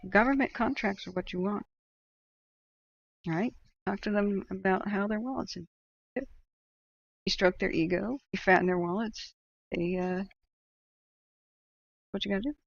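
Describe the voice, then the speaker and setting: A woman's voice: medium pitch, a little slow, gravelly, pauses often, dull audio. A woman hosting a livestream and reading out chat, talking in a casual, opinionated way and laughing often.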